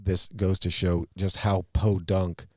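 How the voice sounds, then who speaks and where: A man co-hosting a casual movie-review podcast, talking in long, animated, rambling stretches. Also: deep voice, takes it slowly, dry recording, studio quality. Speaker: podcast co-host.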